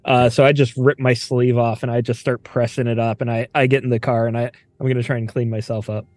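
A man's voice: medium pitch, little pitch movement, fast, darkish tone. A man playing in a tabletop game, speaking in a matter-of-fact way. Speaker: player. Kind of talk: casual chat.

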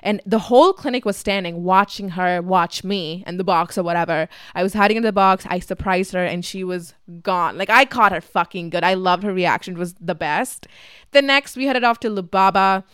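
A young woman vlogger telling a casual, fast, filler-heavy story with lots of swearing, acting out her family's voices as she goes. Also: lowish voice, a bit bright, clear, resonant tone, no echo, clean studio sound. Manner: acts out family members' voices.

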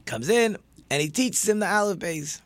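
A man teaching a religious lesson through stories, animated and acting out the dialogue with lively shifts in pitch. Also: normal speed. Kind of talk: storytelling lesson.

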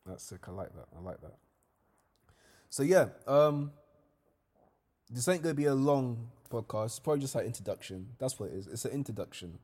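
A man's voice: mid-range voice, a little fast, pauses often, husky. A young man hosting a solo podcast, talking in a casual, slangy way. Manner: casual slangy storytelling, lively when reliving events. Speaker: podcast host.

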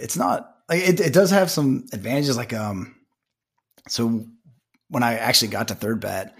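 A man's voice: lowish voice, vocal fry, a bit bright, husky. A young man, a former army medic, casually telling stories on a podcast and laughing at his own punchlines. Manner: laid-back anecdotes, laughs at own punchlines. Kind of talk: casual storytelling.

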